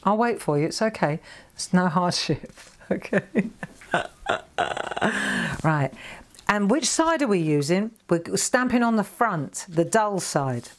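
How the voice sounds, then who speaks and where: A woman's voice: fairly low pitch, very animated, slow. A woman hosting a live craft demonstration, chatty and jokey, talking straight to viewers as she works. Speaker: craft shop host demonstrating stamping.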